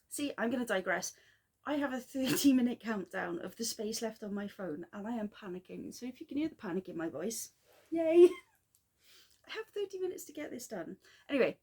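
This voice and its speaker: A woman chatting casually in a craft vlog, rambling and self-deprecating with quick asides. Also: medium pitch. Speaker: flosstube vlogger. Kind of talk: casual chat.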